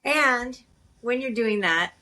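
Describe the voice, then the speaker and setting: A woman's voice: a little high, lively intonation, slow pace, pushed and bright. A woman co-hosting a podcast, giving earnest, encouraging advice in casual conversation. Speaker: podcast co-host.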